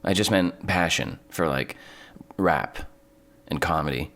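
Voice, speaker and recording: A man's voice: deep voice, unhurried. A man in his twenties giving rambling, profane, casual commentary, often trailing off and restarting his sentences. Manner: rambling, profane, self-deprecating, many restarts. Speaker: video essayist.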